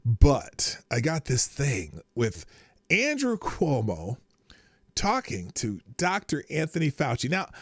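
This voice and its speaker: A man's voice: sits high, a bit bright, dry recording, studio quality. A man hosting a casual live stream, rambling about his day and greeting viewers by name. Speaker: livestream host.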